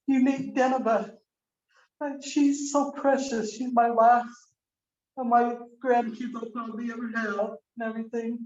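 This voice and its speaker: A woman's voice: high voice, a little mellow, a little hiss or hum. An older woman giving a eulogy as the mother-in-law, telling a rambling, candid story and acting out the quoted dialogue. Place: memorial service room. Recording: roomy, muffled video-call audio.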